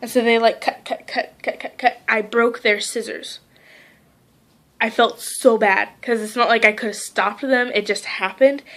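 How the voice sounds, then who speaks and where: A teenage girl vlogging casually, rambling through a story with lots of "like" and quoting people in lively voices. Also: on the high side, unhurried. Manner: heavy use of "like".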